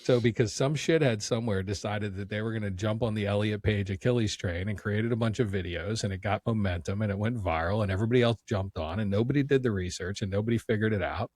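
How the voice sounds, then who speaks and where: Guy with a low voice on a movie podcast, opinionated rant, dry close mic. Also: quick pace, hardly any pauses, darkish tone, no room sound. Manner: opinionated, ranting, joking. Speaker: podcast co-host. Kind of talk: casual movie podcast chat.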